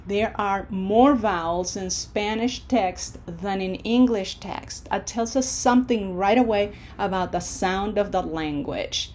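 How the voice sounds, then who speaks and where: A woman leads an online pronunciation lesson at a slow, measured pace. She is patient and encouraging, pausing to ask "okay?" and sounding out syllables one by one. Her voice sits at an ordinary middle pitch. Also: darkish tone, a little hiss or hum. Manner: slow, deliberate, models syllables aloud. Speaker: Spanish pronunciation teacher.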